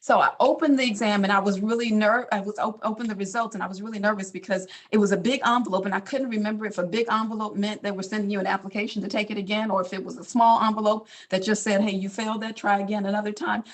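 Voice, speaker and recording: A woman's voice: mid-range voice, fairly even intonation, fast talker, few pauses. A middle-aged woman and physician telling a personal family story in a casual, filler-heavy way. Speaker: physician speaker. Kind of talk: personal testimony talk.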